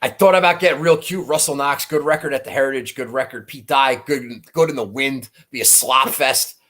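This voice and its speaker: Speaking slightly fast in a medium-pitched, fairly bright voice, this man hosts a golf betting show. His casual talk wanders, gets profane and turns self-mocking.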